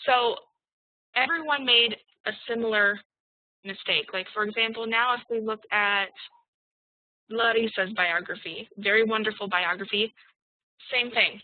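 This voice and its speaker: A woman teaching an online English class, spelling out example sentences slowly and deliberately. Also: medium pitch, dry recording. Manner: slow, deliberate dictation of examples. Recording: tinny, dry call audio.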